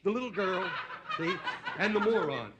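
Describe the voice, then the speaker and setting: A man's voice: sits high, lively intonation, moderate pace, highs cut off, very noisy. A man in his fifties from Indiana hosting and telling a rambling stand-up monologue, stumbling over words and laughing at his own jokes, on a television studio stage. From Indiana, USA. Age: 50s. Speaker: comedian and host. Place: television studio stage before a live audience. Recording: roaring studio audience over an old TV broadcast.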